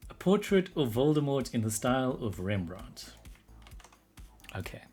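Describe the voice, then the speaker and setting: A man streaming live as an artist, thinking aloud in casual commentary, getting excited and laughing often. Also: medium pitch, a little slow, slightly rough, soft background music.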